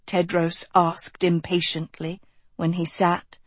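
Slow, measured audiobook narrator. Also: medium pitch, completely flat delivery, husky, no room sound. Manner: measured, unhurried storytelling. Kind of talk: scripted fantasy narration.

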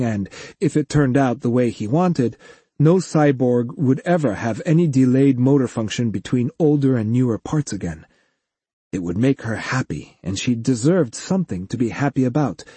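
A man narrating an audiobook story in an expressive storytelling manner, recorded close on a dry studio mic. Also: medium pitch, breathy edge, dry recording. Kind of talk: scripted narration.

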